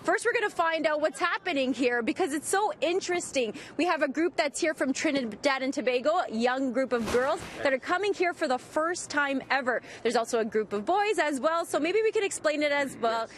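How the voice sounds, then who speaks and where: A woman's voice: high-pitched, lively intonation, a little fast, few pauses. A woman TV reporter doing a live outdoor segment at a cricket ground, bubbly and self-mocking as she chats with guests. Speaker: TV morning show reporter. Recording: outdoor traffic noise behind.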